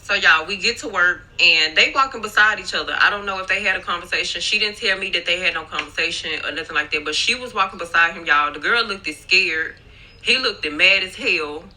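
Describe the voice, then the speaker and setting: Brisk and sharp-toned, with a fairly low voice, this young woman records a casual storytime on her phone during a work break; the audio quality is poor. She rambles, curses, and keeps addressing her viewers as y'all.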